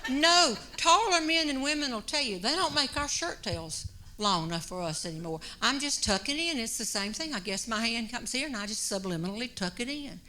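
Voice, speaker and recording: A woman spins a comic story from the stage in a high, ringing voice. She draws out her words and times each pause for the laugh. A faint hum of the audience sits behind her. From North Carolina. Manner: drawn-out, animated delivery with comic pauses. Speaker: humorist. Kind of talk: stand-up storytelling. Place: stage before a live audience.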